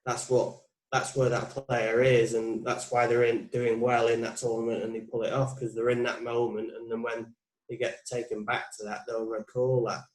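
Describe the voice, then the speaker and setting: Putting coach in his forties as interview guest, reflective and thinking aloud, average pitch, roomy echo. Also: flat delivery, normal speed. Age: 40s. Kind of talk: casual interview chat. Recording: roomy, echoey sound.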